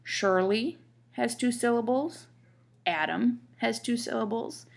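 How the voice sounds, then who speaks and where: A woman teaching a class in a lightly gravelly voice. She explains patiently, one step at a time, and checks that her listeners follow. When she reads verse aloud, she leans hard on the stressed beats. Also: fairly high pitch, takes it slowly. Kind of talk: classroom lecture on poetry.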